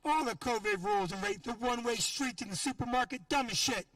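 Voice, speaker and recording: Brash, profane, high-voiced stand-up man. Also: big pitch swings, fast talker, vocal fry, fairly bright tone, no room sound, far from the mic. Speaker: stand-up comedian. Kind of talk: stand-up set.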